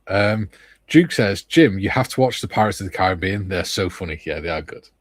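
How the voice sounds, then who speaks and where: A man's voice: sits low, animated, a little fast, no room sound. A man hosting a live chat stream, easygoing and casually reading out viewers' comments. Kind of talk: casual chat while painting models.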